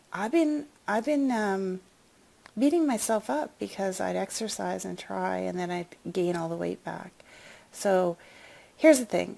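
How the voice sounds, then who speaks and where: Middle-aged woman, gravelly voice, personal story turning into an upbeat sales pitch. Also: a little mellow. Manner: emotional, confiding, then upbeat and chatty. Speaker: wellness product promoter.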